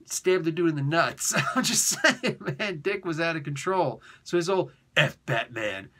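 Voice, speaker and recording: A male reviewer chatting casually about comics, animated and quick to laugh at what he finds absurd. His voice is bright and forward, and it sits a little higher than most men's. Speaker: comic book reviewer host.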